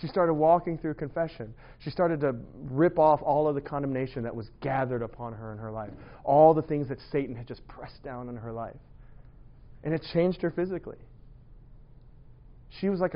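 A man preaching a humorous sermon, telling lively stories with playful asides and bursts of laughter. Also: mid-range voice, muffled recording.

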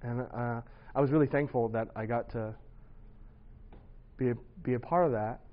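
A man's voice: medium pitch, moderate pace, phone-quality sound. A man in his thirties giving an earnest, conversational personal testimony. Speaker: speaker sharing his testimony.

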